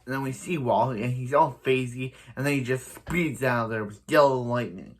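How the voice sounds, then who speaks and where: A man's voice: mid-range voice, normal speed. A man casually recapping a TV episode for his review channel, rambling with frequent restarts.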